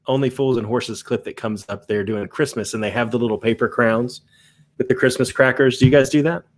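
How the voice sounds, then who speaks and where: A man's voice: medium pitch, steady tone, fairly quick. A man co-hosting a podcast in casual chat, enthusiastic and jokey, teasing the others. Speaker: podcast co-host.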